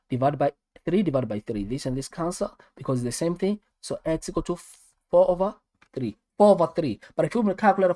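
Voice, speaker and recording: Studio-quality and echo-free, the recording features a man with a fairly high pitch and a South African accent. As a maths tutor giving a live online lesson, he's lively, repeats his steps, and talks directly to his audience.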